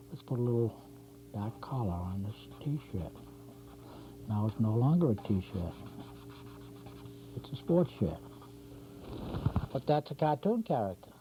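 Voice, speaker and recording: A man hosting a drawing show, chatting through each pencil stroke as he teaches cartooning step by step. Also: medium pitch. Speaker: drawing instructor and show host. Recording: dull 1990s community TV tape with faint hum.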